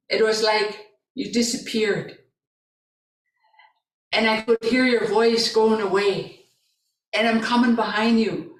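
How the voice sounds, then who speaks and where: A man's voice: sits high, fairly bright tone. A woman voicing her frightened, tearful grown son as she retells a story, recorded in a roomy space with the mic at a distance.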